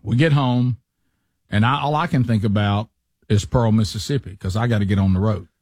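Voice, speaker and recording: A middle-aged man, a podcast co-host telling a rambling, animated story in casual chat. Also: fairly low pitch, fairly quick, dry recording, clean studio sound. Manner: rambling, animated anecdotes with restarts.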